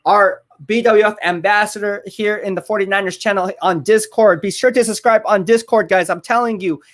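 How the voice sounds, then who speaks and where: A man hosting a live football watch-party stream, reacting to plays and chatting with viewers, excitable and repeating his points. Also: high-pitched, moderate pace.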